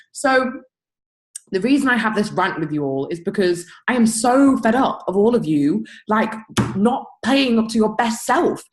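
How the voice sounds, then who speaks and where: A young woman leading her team over a video call, giving an energetic, blunt motivational rant with swearing and laughter. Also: medium pitch, poor audio. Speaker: team leader.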